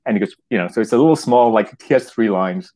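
Man from Canada, a guest telling a story with animated energy and frequent laughter. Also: on the low side, fast, rough recording. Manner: animated, laughing often, many restarts. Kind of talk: anecdotal storytelling.

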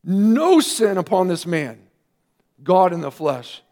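A man, a pastor, preaching a sermon earnestly, with emphatic rising questions and quieter asides. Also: high-pitched, very animated, slow pace.

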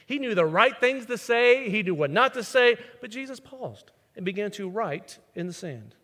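A man's voice: high-pitched, lively intonation, normal speed, sharp tone. A male pastor, preaching a sermon and telling stories with acted-out voices. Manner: storytelling, acts out quoted voices. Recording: long reverb of a large hall.

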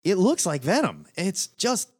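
A man co-hosting a casual call-in chat about comics, his voice sitting a little high and swinging widely in pitch. He laughs often and talks with animated energy. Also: measured pace, husky. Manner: animated, laughs often, does mocking impressions. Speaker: podcast co-host.

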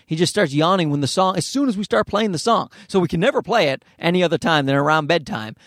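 Man, high gravelly voice, dry close sound, casual podcast host, swears a lot, sarcastic tangents. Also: lively intonation, fast talker, a bit bright, no room sound. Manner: profane, rambling, sarcastic asides. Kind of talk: casual solo podcast rambling. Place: outdoors or by a road, talking into a microphone.

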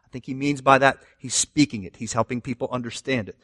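Male pastor, slightly high voice, animated sermon delivery with joking asides. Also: a little fast. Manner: animated preaching, rising loud on scripture quotes, asides to the congregation. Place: church.

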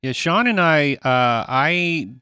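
A man with a Canadian accent hosting a casual interview, chatty and quick to agree. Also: fairly high pitch, lively intonation, pushed and bright, clean tone, dry recording. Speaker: podcast host.

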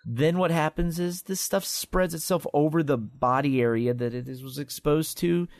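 On a tabletop game podcast, this co-host speaks in a slightly high voice at a moderate pace, dry and clean as a studio recording. His casual, lively chat explains a monster's rules and stats, and he reads the numbers out as he goes.

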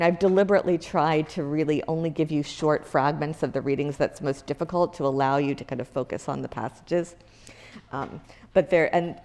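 A woman with a low voice gives a university lecture. She talks to the class in a loose, conversational way, full of fillers and restarts. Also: darkish tone. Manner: conversational, many fillers and self-corrections, occasional laughs. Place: lecture hall.

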